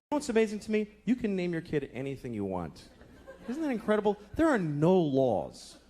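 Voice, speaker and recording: A man in his thirties doing a stand-up comedy set, profane and exasperated, acting out characters in quick asides. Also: high voice, huge pitch swings, warm tone. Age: 30s.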